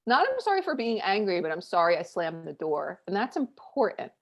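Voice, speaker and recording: A woman in her thirties, a podcast co-host, telling a family story in casual chat, candid and animated with lots of fillers. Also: medium pitch, fairly quick. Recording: dull lo-fi audio.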